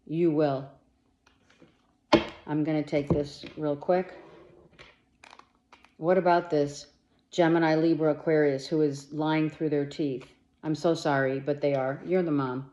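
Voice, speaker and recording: A woman's voice: low voice, level tone, unhurried, long pauses, dark tone. A woman gives a monthly tarot reading in a blunt, emphatic way, swearing freely as she urges the listener to stand firm. She takes her time with each phrase. The recording sounds dull and lo-fi. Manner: talks straight to the listener with urgent reassurance. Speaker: tarot reader.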